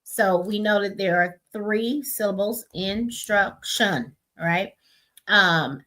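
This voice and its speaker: A woman teaching parents how to split long words into syllables, explaining step by step, sounding out words slowly and often checking in with "right?". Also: mid-range voice, a bit bright. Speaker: literacy instructor. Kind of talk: parent education webinar.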